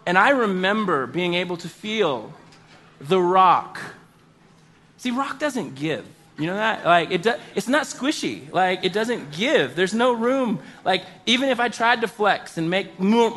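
A man telling a comedic personal story, animated and self-mocking, with exaggerated outbursts. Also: high voice, unhurried.

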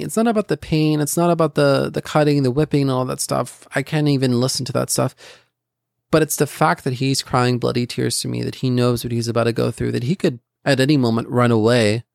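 A man's voice: mid-range voice, gravelly, no echo, studio quality. A man hosting a casual Christian podcast, talking earnestly in a rambling way with restarts and asides. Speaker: podcast host.

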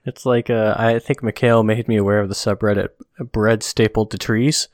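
A man co-hosting a podcast in casual chat, relaxed and chuckling, reading comics aloud. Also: on the low side, normal speed, no room sound, clean studio sound. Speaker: podcast co-host.

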